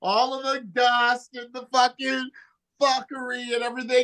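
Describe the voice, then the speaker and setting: A man's voice: very high-pitched, moderate pace. A man co-hosting a wrestling podcast, telling stories in casual, profane banter. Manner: profane, animated storyteller.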